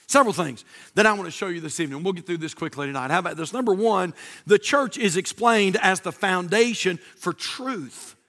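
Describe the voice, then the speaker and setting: A male pastor preaching a sermon, stressing key words with slow drawn-out emphasis and rising to shouts. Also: high voice.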